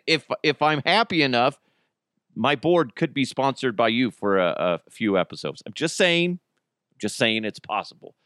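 Lively, rambling man hosting a podcast. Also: mid-range voice, clear, resonant tone, dry recording, clean studio sound. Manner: rambling, joking, swears freely. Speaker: podcast host. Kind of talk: casual solo podcast chat.

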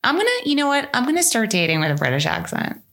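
A woman from New York City hosts a podcast, her fairly high, fairly bright voice swinging widely in pitch as she talks fast with vocal fry. She chats casually and playfully with her best friend, laughing often and jumping between ideas.

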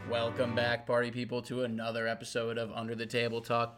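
A man co-hosting a chatty podcast, opening with grand, hammy introductions and easy teasing. His voice is bright and forceful, with pitch that sits mid-range for a man. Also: completely flat delivery, brisk, few pauses, soft background music. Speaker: podcast co-host. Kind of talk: playful podcast banter.

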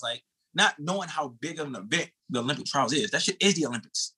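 This thirtysomething American, once a sprinter, races through a story about a race at very high speed, his voice a little high with a breathy edge. He's animated and casual, swearing and calling the host bro.

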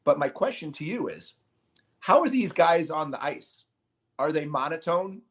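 A man hosting a casual hockey podcast, talking in an animated, emphatic way with quick asides. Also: on the high side, husky. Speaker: podcast host. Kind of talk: casual sports chat.

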